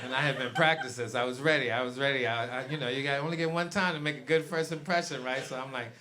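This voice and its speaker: High-voiced stand-up comedian, noisy club. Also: male voice, sing-song, a little fast. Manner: storytelling, acts out dialogue, swears freely. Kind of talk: stand-up routine.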